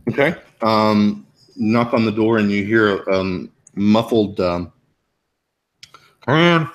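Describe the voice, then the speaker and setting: A man narrating a tabletop game as game master, halting with many fillers and throat clearing. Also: on the low side, steady tone.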